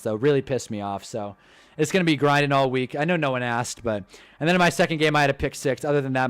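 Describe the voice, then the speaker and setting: A young man hosting a casual live stream, talking in an animated, swearing rant. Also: sits high. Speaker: livestream host. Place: indoors at a green screen.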